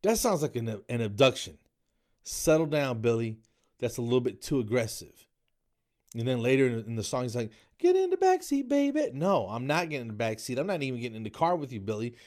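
A man's voice: mid-range voice, fast. A man around fifty giving a rambling, mocking comedy monologue, tagging lines with "man" and "dude.".

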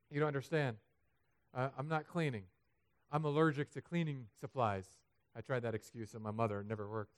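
A man preaching a sermon as pastor, animated and humorous, building to loud, emphatic peaks. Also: mid-range voice, a little fast. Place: church sanctuary.

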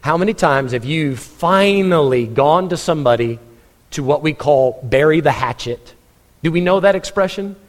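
A man's voice: on the high side, expressive, moderate pace, big-room sound. A man preaching a sermon, telling a story with humor and acting out the people he quotes, often chuckling.

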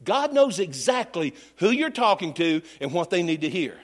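A pastor in middle age, his voice sitting high for a man as he preaches. He tells homespun, joking stories from the pulpit in a folksy, down-home way. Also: sing-song, normal speed. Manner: folksy, humorous storytelling preacher. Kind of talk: sermon.

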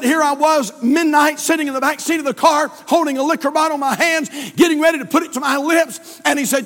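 A man's voice: very high-pitched, a bit bright. A male pastor preaching a sermon, telling a story in a folksy way and building emphasis through repeated phrases. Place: church sanctuary. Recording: long church hall reverb.

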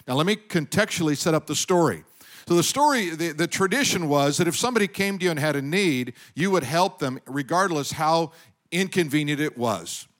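A middle-aged man preaching a sermon as pastor, animated, often asking the congregation questions. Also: a little high, a little fast.

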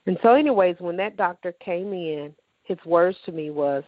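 A woman with a fairly low voice shares a personal faith testimony. She tells it with emotion and emphasis, acting out each exchange. The recording is dry and a little dull. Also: normal speed, no room sound. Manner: emotional, emphatic storytelling that acts out dialogue. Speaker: testimony speaker.

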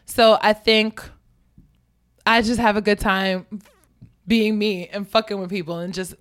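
A woman's voice: mid-range voice, steady tone, fairly bright tone. Frank woman guest. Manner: frank, reflective, a little halting. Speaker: podcast guest. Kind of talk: casual podcast chat.

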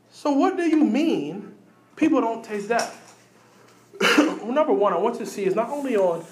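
A fairly high-voiced man preaches, jumping between quick asides and repeated phrases. His voice rings out through a roomy church hall. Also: a little hiss or hum. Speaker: pastor. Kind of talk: sermon.

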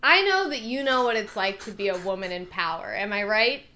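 A woman's voice: medium pitch, animated, a little fast, pushed and bright, a little hiss or hum. A woman playing a tabletop game, role-playing her character in a cheeky, theatrical way. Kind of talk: playful in-character role-play.

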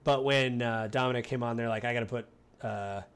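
Male co-host, casual film-chat delivery, mid-range voice, animated with playful voiced asides. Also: medium pitch, fairly quick, clean tone. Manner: animated, acts out quoted lines in funny voices. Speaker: podcast co-host discussing a film.

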